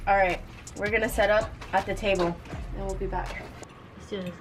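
A woman's voice: mid-range voice, fairly even intonation, a little fast, over music. A young woman co-hosting a casual home vlog, bantering and teasing playfully at a table. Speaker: vlogger co-host.

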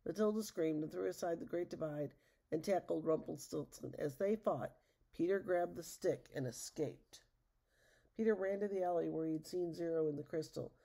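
A woman narrating a children's storybook aloud, steady and expressive. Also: fairly low pitch, moderate pace, vocal fry.

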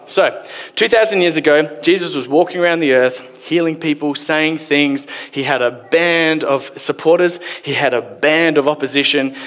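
A man's voice: fairly high pitch, a bit bright. A man preaching a sermon in a church, casual and joking, acting out quotes as he goes. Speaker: pastor. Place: church hall. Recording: long hall reverb.

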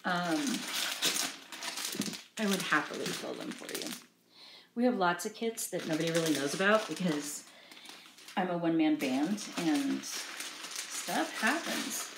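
A middle-aged woman with a low, gravelly voice talks through her supplies at home, chatty and self-deprecating. She trails off and laughs often, and the room around her rings with echo. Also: expressive, measured pace, pauses often, noisy background. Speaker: craft vlogger showing cross-stitch supplies. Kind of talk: casual rambling show-and-tell.

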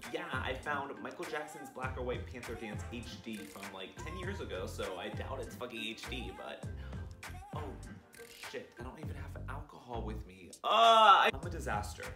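A man hosting a music video reaction vlog, talking in a profane, flamboyant and excitable way. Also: mid-range voice, moderate pace. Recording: roomy echo with music playing.

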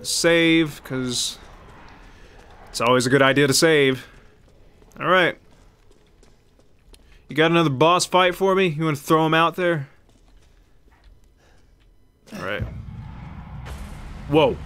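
A man giving chatty, excitable let's play commentary, yelping and laughing while he talks to the enemy on screen. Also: fairly high pitch, slow pace, long pauses, smooth. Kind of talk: live gameplay commentary.

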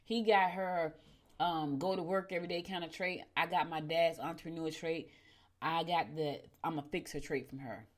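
A middle-aged woman hosting a morning show. She tells stories casually, often calls her listeners "y'all," and her voice jumps suddenly in pitch and loudness. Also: steady tone, normal speed. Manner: chatty, addresses listeners as "y'all". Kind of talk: casual storytelling and horoscope reading.

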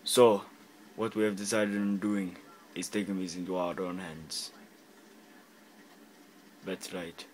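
A man putting on a hammy fake accent to play a solemn male guerrilla hero, narrating in a slow, stiff, mock-dramatic way for a game video. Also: low voice, level tone, slight background noise, low-quality recording.

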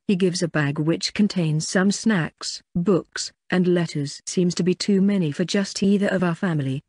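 A narrator reading a first-person story in an even, matter-of-fact way. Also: mid-range voice, moderate pace, few pauses, no room sound, studio quality. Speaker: audiobook narrator.

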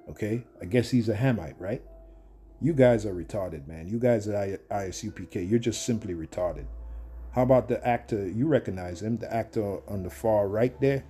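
A low, dark-toned man in his fifties with a husky edge talks straight to camera in a loose, combative rant. He stumbles and restarts often as he goes. Faint music sits behind him. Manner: combative, rambling, frequent stammered restarts. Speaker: video commentator.

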